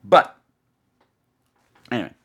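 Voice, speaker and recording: A man hosting a podcast, telling a comic story and swooping in and out of voices. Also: takes it slowly. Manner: animated, swoops into voices and gasps. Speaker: podcast host.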